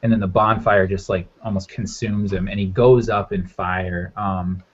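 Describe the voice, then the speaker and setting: A man's voice: low-pitched, fairly even intonation, normal speed, breathy edge. A man narrating as game master in a loose, rambling way with lots of fillers. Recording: muffled lo-fi audio.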